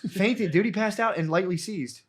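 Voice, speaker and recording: A man's voice: sits high, moderate pace. A man hosting a podcast, telling a rambling, profane story and laughing as he goes. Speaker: podcast host. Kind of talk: casual storytelling chat.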